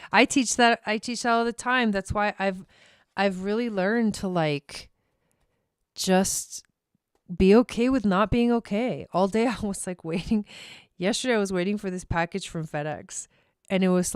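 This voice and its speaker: Woman tarot reader, casual live chat, smooth clear voice, dry close sound, swears freely. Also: mid-range voice, dry recording. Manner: chatty, swears freely, laughs often. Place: her home.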